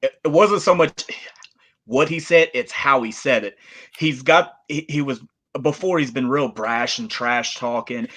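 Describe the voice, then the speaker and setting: A man's voice: mid-range voice, unhurried, pushed and bright. A man co-hosting a casual sports talk show, rambling through his points with repeated phrases. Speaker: co-host.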